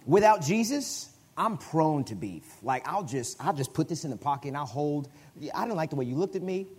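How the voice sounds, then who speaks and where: A man preaching a sermon in a conversational way, often restarting his phrases and breaking into sudden loud bursts. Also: mid-range voice, slightly rough. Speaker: guest preacher.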